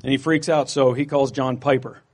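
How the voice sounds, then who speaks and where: A man's voice: mid-range voice, steady tone, moderate pace, darkish tone. A man pastor giving a sermon in a casual, jokey, conversational manner.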